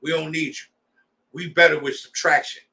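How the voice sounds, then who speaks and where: A man's voice: on the high side, fairly even intonation, moderate pace, bright, forceful tone, recorded from a distance. A man leading a scripture class, preaching in a heated, blunt way with street slang. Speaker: class leader.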